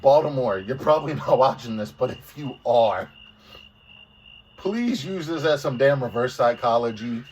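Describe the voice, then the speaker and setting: A man's voice: mid-range voice, lively intonation, normal speed, a little mellow, highs cut off. Joking podcast co-host, a man. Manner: joking, blunt, swears casually. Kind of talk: casual sports podcast chat. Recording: distant mic with faint background noise.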